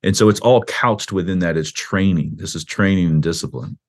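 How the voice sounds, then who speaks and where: A man with a deep, low voice speaks as a pastor in an interview. He talks in a loose, conversational way, full of restarts and "you know." When he quotes someone, he lifts his voice into an animated little performance. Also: brisk. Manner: animated, acts out quoted speech with a raised voice. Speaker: pastor and author, interview guest. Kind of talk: explaining in a podcast interview.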